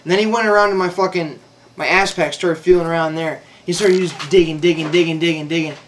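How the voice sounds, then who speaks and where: This young ex-Marine's voice is fairly high, steady, and fairly bright, and he talks fast, far from the mic with a bit of hiss or hum. His casual service story wanders and swears, loaded with "like" and "dude."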